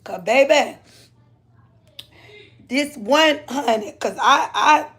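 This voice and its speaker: Livestream host, woman: high, bright voice with a husky edge; chatty, laughs a lot. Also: takes it slowly. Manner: chatty, laughs often, calls viewers honey and baby. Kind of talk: casual livestream chat.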